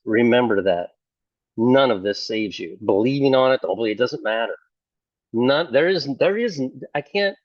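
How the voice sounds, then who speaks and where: A man's voice: on the high side, dry recording, dull audio. An older man preaching casually to camera, sarcastic and fond of mocking others in put-on voices. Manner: sarcastic, mimics opponents in mock voices. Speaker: online preacher.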